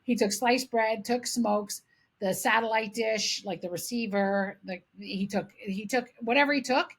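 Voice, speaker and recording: A middle-aged woman from Canada tells stories on a podcast in an animated, casual way, swearing freely. Her voice sits a little high with a husky, breathy texture. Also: a little slow. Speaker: podcast co-host. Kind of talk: casual storytelling chat.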